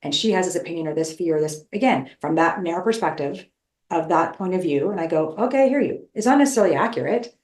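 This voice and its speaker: Fast-talking woman in an echoey room. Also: lowish voice. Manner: animated, acts out her inner voice. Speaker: relationship expert guest. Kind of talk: casual podcast conversation.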